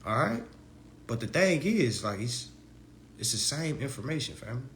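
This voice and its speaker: A man lectures his followers in a loose, slangy live-stream, his pitch leaping up and down as he mocks people in high voices. A faint hiss of noise sits under the whole recording. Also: big pitch swings, a little slow. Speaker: online legal self-help teacher.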